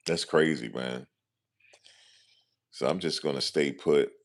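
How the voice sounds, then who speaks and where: A man's voice: rumbling low, slow, creaky. A man vlogging casually, telling a story in loose American slang with lots of asides. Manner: animated, slangy, lots of "you know what I'm saying".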